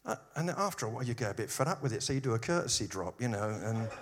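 A pastor preaching a sermon, telling stories with dry humorous asides. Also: male voice, mid-range voice, rapid-fire, slight background noise. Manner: animated storytelling with humorous asides.

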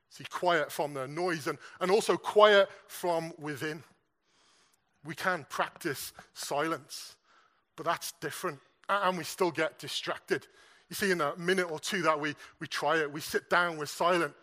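Male preacher, high and bright, earnest sermon delivery with rhetorical questions. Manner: earnest, repeats words, asks the audience questions.

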